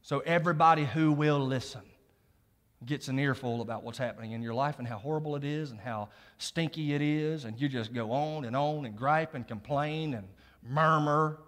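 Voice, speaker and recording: A middle-aged man preaches a sermon with a somewhat high voice, swinging between loud emphatic passages and quick, low joking asides. His voice rings with a long reverb from the church hall he speaks in. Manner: conversational, joking asides to the congregation. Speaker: pastor. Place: church sanctuary.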